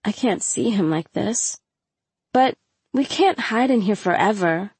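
A woman's voice: medium pitch, expressive, unhurried, a little mellow, slightly rough, no echo, heavily acted. A woman voicing a tearful teenage girl. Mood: pleading. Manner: sniffling, pleading. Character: tearful teenage girl, scared best friend.

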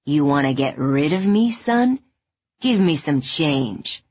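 A woman playing a filthy drunken bum, an older man who wheedles and mocks. The voice is low and husky, and the recording sounds dull and lo-fi. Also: expressive, slow, darkish tone, exaggerated voice. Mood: wheedling. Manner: wheedling, mocking.

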